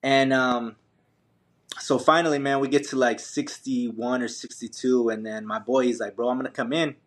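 A young man recounts a long race in lively, slangy speech, with plenty of "like" and "man" and frequent restarts. His voice sits at an ordinary middle pitch. He talks as a relaxed podcast guest. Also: normal speed. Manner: animated, slangy, many fillers and restarts. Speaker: podcast guest, ultramarathon runner. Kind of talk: casual storytelling.

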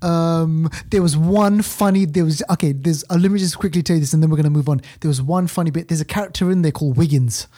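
A man hosting a film podcast in loose, animated chat. His voice is mellow and relaxed. He rambles through a story with plenty of restarts. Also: a little high, fast talker, few pauses. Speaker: podcast host, film reviewer. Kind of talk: casual chat.

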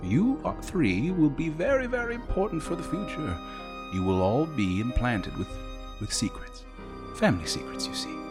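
A man voicing a tall, cold cybernetic executive father who speaks softly with gentle menace. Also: fairly high pitch, very animated, moderate pace, over music, pitched above the performer's own voice. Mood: soothing menace.

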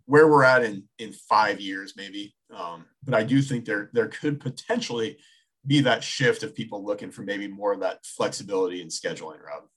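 A man's voice: on the low side, husky. A man in his thirties co-hosting a casual sports talk show, thinking aloud with many restarts.

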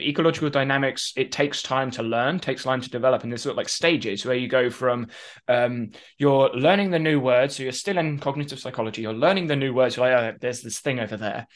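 Man explaining ideas animatedly. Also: medium pitch. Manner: animated explaining, quick asides. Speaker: podcast co-host. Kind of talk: casual conversation.

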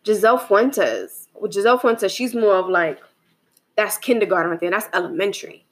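A woman's voice: mid-range voice, animated, moderate pace, slightly rough. Rambling, reflective young woman. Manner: rambling, many restarts and fillers, asks "right?". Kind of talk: casual reflective monologue.

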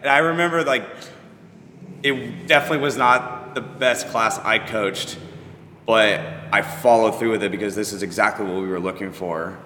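A man who coaches fitness, chatting on a podcast as an animated storyteller who peppers his talk with "like". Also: normal speed. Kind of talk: casual podcast chat. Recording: echoey room with long reverb and faint rumble.

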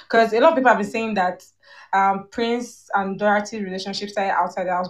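A woman moderates a fan podcast and calls on each guest in turn. Her pitch is mid-range. She sits some distance from the mic, so her voice sounds slightly far away. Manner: prompting guests by name. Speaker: podcast host. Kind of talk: moderating a casual discussion.

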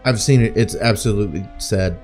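A man's voice: on the low side, a little fast, a little mellow, soft background music. A man co-hosting a podcast, chatting casually, swearing and laughing as he rambles. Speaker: podcast co-host. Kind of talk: casual chat.

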